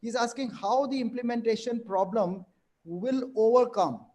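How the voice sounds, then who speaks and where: Man from India, panel moderator, high voice, halting and filler-heavy. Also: a little mellow. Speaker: session moderator.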